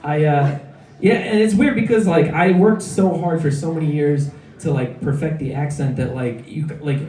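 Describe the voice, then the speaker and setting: Recorded from far off in a comedy club, this Illinois comic in his thirties delivers a meandering, self-mocking routine loaded with fillers. He speaks at normal speed in a fairly high, mellow voice, and the sound is reverberant.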